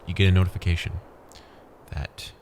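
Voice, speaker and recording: A man's voice: sits low, steady tone, moderate pace, loud music behind the voice. A man hosting a podcast, rambling playfully and guiding the listener through an imagined scene. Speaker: podcast host. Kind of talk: casual podcast monologue.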